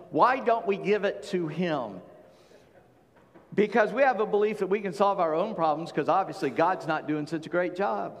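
Folksy preaching man in a reverberant hall. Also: sits high. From Charleston, South Carolina. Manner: folksy, conversational preaching with asides. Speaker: pastor. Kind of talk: sermon.

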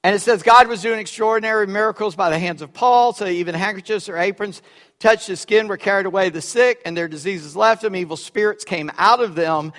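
A man with a fairly high voice preaches a sermon in a church. He swings from loud, emphatic lines to quiet, wry asides, and the sound rings out with the long reverb of a large sanctuary. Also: a little fast. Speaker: pastor. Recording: echoey hall with long reverb.

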